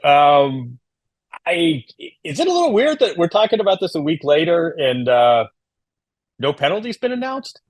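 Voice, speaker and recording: A man co-hosting a podcast in casual chat, measured and analytical, with wry turns of phrase. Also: a little high, very animated, dry recording. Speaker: podcast co-host.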